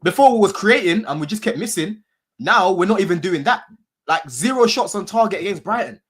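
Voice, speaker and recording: Husky-voiced man, fan podcast co-host, blunt slangy football talk. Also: high-pitched, lively intonation, fairly quick. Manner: slangy, swearing, repeats phrases. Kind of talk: casual banter.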